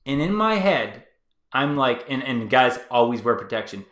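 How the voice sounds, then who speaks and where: A man's voice: medium pitch, very animated, moderate pace, a bit bright, echoey room. A man hosting his own online channel, giving loose, conversational advice to viewers with lots of fillers. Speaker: YouTube channel host. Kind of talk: casual advice monologue to viewers.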